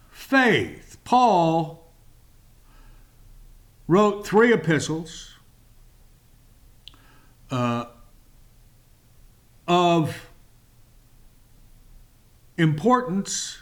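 A man hosting a Bible teaching show, speaking in a measured, emphatic way with long pauses and fillers. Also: high voice, big pitch swings. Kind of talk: slow, deliberate Bible teaching.

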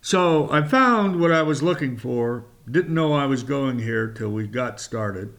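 A man hosting a Bible teaching show, speaking in a measured, emphatic way with long pauses and fillers. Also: medium pitch, expressive, a bit bright. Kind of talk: slow, deliberate Bible teaching.

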